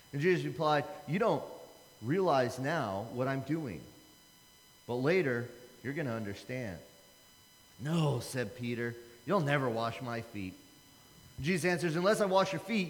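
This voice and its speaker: A man in his thirties preaching a casual, conversational sermon, acting out the Bible dialogue. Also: on the high side. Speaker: pastor. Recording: long hall reverb.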